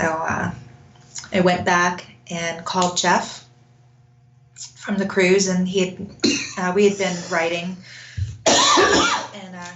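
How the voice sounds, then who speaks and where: A woman guest telling a personal story in an earnest way, often laughing softly between sentences. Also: lowish voice, slight background noise. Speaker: interview guest. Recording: roomy echo.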